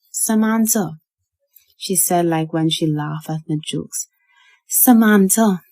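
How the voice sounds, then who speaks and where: Slow, dark-voiced woman narrating. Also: deep voice, dry recording. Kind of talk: scripted horror story narration.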